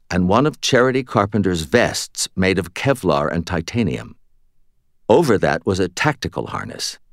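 Deep male narrator, lively expressive delivery, dry close studio sound. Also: no echo. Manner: wry, expressive character reading. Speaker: audiobook narrator. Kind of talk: scripted narration.

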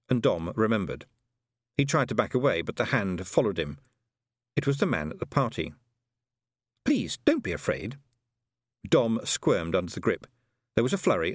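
Guy reading a sci-fi audiobook, measured and expressive, lowish voice that swings up and down a lot. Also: no room sound, studio quality. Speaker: audiobook narrator. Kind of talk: scripted narration of a science fiction novel.

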